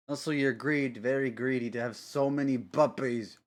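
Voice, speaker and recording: A man's voice: medium pitch, steady tone, moderate pace, hardly any pauses. A man chatting casually on a live stream, rambling and giggling, often cutting himself off mid-sentence. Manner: rambling, giggly, self-interrupting.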